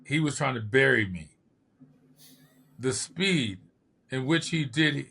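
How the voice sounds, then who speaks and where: Gravelly older man telling stories. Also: medium pitch, takes it slowly. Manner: lively storyteller who acts out quotes. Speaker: podcast host and former bodybuilder. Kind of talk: casual storytelling.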